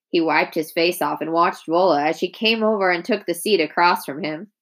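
A woman reading a chapter of a novel aloud in a calm, even storytelling manner. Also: fairly low pitch, normal speed, hardly any pauses. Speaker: audiobook reader.

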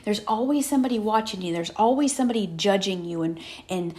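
A woman's voice: mid-range voice, animated, fast, dark tone. Earnest woman preaching, checks in with "right?". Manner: earnest, asks the listeners "right?" again and again. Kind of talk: conversational sermon.

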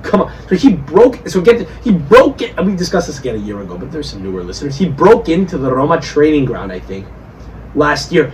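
A man's voice: a little high, big pitch swings, a little fast. A man hosting a podcast, drunk, rambling and swearing as he riffs in casual chat. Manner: rambling, profane, riffing. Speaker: podcast host. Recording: distant mic with faint background noise.

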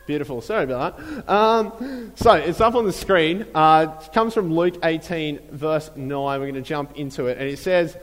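A man preaching a sermon in a relaxed, conversational way, with many fillers and repeated phrases. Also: fairly high pitch, normal speed, hardly any pauses, big-room sound, poor audio. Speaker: pastor.

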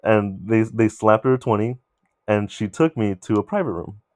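A young man casually telling a long, animated story among friends, swearing freely. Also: lowish voice, moderate pace, no room sound, clean studio sound.

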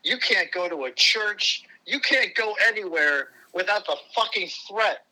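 A man's voice: high voice, expressive, measured pace, sharp tone, rough recording. A middle-aged American man and veteran, ranting angrily with heavy swearing and a repeated "right?" as a podcast guest. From United States. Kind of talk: profane angry rant.

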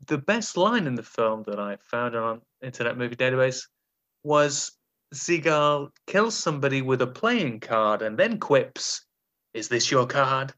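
A man hosting a comedy podcast, reading out quotes and acting out silly movie lines in a quick, joking way. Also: medium pitch, big pitch swings, fairly bright tone. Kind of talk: comedic casual chat.

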